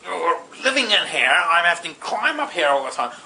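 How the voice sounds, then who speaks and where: A man's voice: fairly high pitch, big pitch swings, moderate pace, creaky, sharp tone, slight background noise, heavily acted. A man voicing a bumbling young prince who rambles through weak excuses. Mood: rambling.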